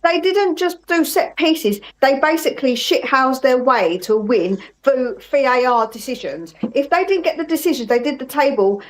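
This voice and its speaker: A woman talks in a fairly high voice, blunt and emphatic in a casual livestream chat. She speaks as a parent with firm opinions. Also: lively intonation, normal speed, few pauses, poor audio.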